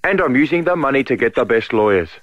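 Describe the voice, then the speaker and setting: A man's voice: mid-range voice, lively intonation, fast, no echo, lightly acted. A man playing a smug, self-righteous celebrity who demands money in a parody scam phone call. He speaks in a mock-solemn comedy sketch.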